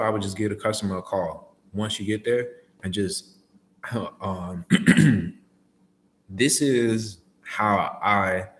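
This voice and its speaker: A man's voice: lowish voice, fairly bright tone. A man in casual livestream chat, laid-back and slangy, answering viewers' questions as a delivery driver. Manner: laid-back, slangy, acts out phone calls.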